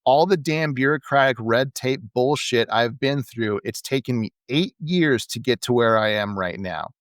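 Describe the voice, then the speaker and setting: A man reading out the lines of a gruff, defiant male wrestler, blunt, combative and full of curses. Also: mid-range voice, moderate pace, dry recording, lightly acted.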